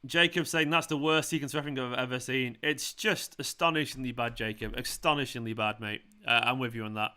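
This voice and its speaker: Ranting bright-voiced football fan streamer. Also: male voice, mid-range voice, steady tone, fairly quick, few pauses, clean tone. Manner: ranting, swearing, shouting in celebration. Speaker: football fan channel host. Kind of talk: live match watchalong commentary.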